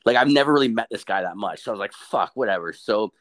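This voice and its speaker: A man's voice: lowish voice, fast talker. A young man telling a crude story in casual chat, swearing constantly and acting out what people said. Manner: profane, animated, quotes people in funny voices.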